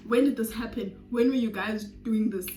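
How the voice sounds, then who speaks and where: A South African woman in her twenties telling a storytime vlog with animated, dramatic delivery and sudden loud bursts. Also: a little high, normal speed, faint music behind. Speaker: YouTuber. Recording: roomy echo.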